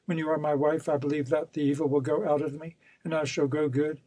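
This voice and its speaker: A man's voice: fairly high pitch, level tone, a little fast, warm tone, no echo, lightly acted. Male narrator voicing a ruthless storybook villain: cold, insistent, wheedling; dry close recording. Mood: villainous. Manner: cold and insistent, turning coaxing. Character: scheming, ruthless male villain, pleading and menacing.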